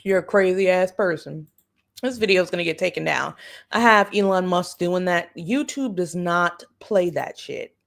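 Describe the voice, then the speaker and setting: A woman with a lowish, creaky voice speaks at a moderate pace while hosting a livestream. Her political commentary is blunt and sarcastic, laced with profanity, with phrases repeated for emphasis.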